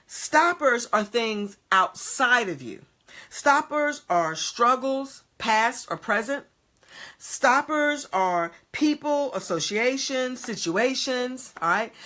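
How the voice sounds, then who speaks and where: Emphatic woman speaker, bright voice. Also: on the high side. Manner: emphatic, repeats points and checks in with "okay?"; stretches key words slowly for emphasis. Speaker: women's ministry speaker and teacher. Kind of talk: motivational teaching to a live group.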